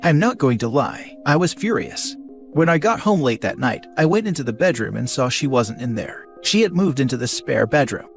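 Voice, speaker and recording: A man narrates a written post aloud in a steady, even storytelling voice. His pitch sits in the middle of the range. Soft music plays faintly underneath. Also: normal speed, vocal fry. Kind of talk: reading an online post aloud.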